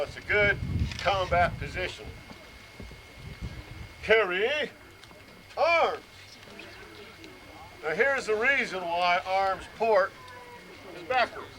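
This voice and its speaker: A man giving an outdoor reenactment demonstration, explaining rifle drill steadily and barking out commands. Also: high-pitched. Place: outdoors at a historic fort. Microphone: camcorder from a distance. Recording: noisy outdoor camcorder audio.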